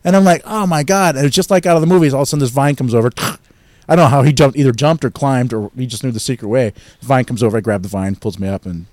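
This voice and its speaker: A man's voice: medium pitch, very fast, no room sound. A man telling a long, crude story on a podcast, acting out the other people's voices as he goes. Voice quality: crude, profane. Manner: animated storytelling, acts out quoted voices loudly. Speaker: guest storyteller. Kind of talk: casual podcast chat.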